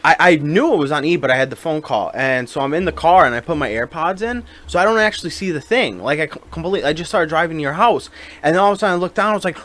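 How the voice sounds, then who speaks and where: A man's voice: a little high, lively intonation, fast, a bit bright. A man co-hosting a casual podcast, rambling through stories and acting out what people said. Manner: rambling storyteller, acts out quoted lines, many "like"s. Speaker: podcast co-host. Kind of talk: casual chat.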